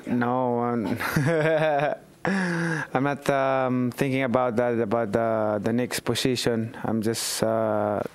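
A man from the Philippines, answering interview questions hesitantly with many pauses. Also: mid-range voice, fairly even intonation, clean tone, no room sound. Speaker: boxer and politician.

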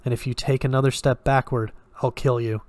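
A man voicing a quiet, menacing gunman. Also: mid-range voice, little pitch movement, fairly quick, no echo, natural voice. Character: cold, threatening man holding an empty gun.

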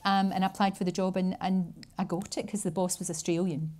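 Woman in her 60s, glasgow accent, talks fast and animated, kinda low voice. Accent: Glasgow Scottish. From Scotland. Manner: chatty, animated storytelling. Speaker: interview guest. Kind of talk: casual conversation on stage.

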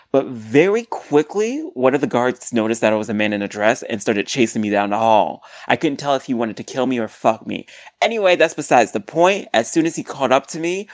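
A woman's voice: very deep voice, no echo. A woman voicing a crude, boastful young man in a scripted comedy podcast.

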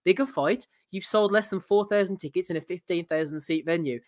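A man's voice: high-pitched, a little fast. A man hosting a casual boxing podcast, reading listener messages aloud and laughing. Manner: jokey, laughs while reading. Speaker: podcast host.

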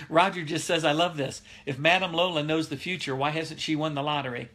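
Middle-aged male pastor, slightly high and bright voice, loose conversational preaching that keeps breaking into chuckles. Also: steady tone, normal speed, slight background noise. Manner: laughs often, reads viewer comments aloud. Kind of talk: casual live-streamed Bible teaching.

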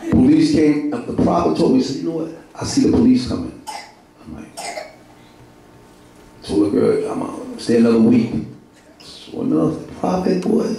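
A middle-aged man with a mid-range, dark-toned voice gives an emotional church testimony, repeating himself, using street slang, and laughing through it. The heartfelt talk is recorded from a distance in a large, echoey church hall.

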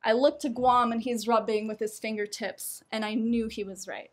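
A young woman tells a personal story for a live showcase. Her voice sits a touch high, and she keeps breaking into laughter as she pokes fun at herself. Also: normal speed, few pauses. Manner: laughs often between lines, lively and self-mocking.

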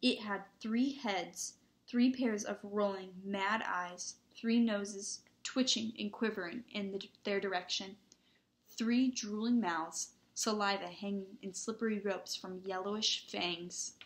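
A woman reads a children's novel aloud. Her voice sits at a medium pitch and her reading is expressive and dramatic. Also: slow. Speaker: audiobook reader. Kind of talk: storybook read-aloud narration.

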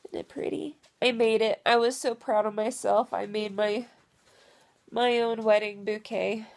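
A woman's voice: a little high, steady tone, a little slow, vocal fry. A young woman talking casually to her viewers in a personal vlog, sentimental and close to tears, with some mild swearing. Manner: emotional, tearful and sentimental. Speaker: vlogger.

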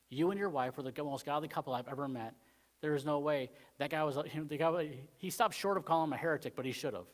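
With a voice that sits a little high, a pastor preaches his Wednesday church sermon in a loose, chatty way. He says "you know" often and moves back and forth between emphatic points and quieter asides.

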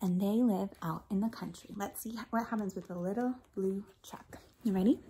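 A woman reading a picture book aloud to children, expressive and animated, asking the listeners questions and sometimes dropping to a whisper. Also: medium pitch, measured pace, a little hiss or hum.

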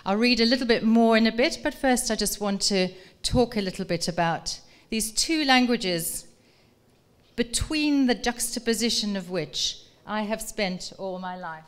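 A woman's voice: medium pitch, a little slow, clear, resonant tone. A middle-aged woman professor giving a public talk in a museum room, reading aloud and then polling the audience with questions in an engaging, articulate way.

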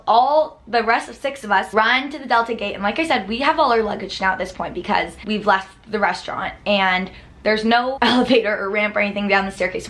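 A woman's voice: mid-range voice, a bit bright. Chatty young woman vlogger telling a story. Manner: chatty, laughing, lots of "like". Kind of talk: casual storytime to camera.

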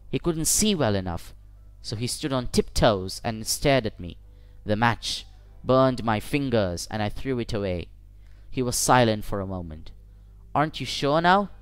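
A man narrating a first-person short story for English learners in a measured, deliberate way. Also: mid-range voice, clear, resonant tone, dry recording. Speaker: audiobook narrator.

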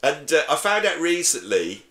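A man's voice: a little high, big pitch swings, normal speed, a bit bright. A man, a drummer hosting his own channel, talking casually and opinionatedly to camera with a joking edge. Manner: chatty, opinionated, jokey. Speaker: YouTube host and drummer.

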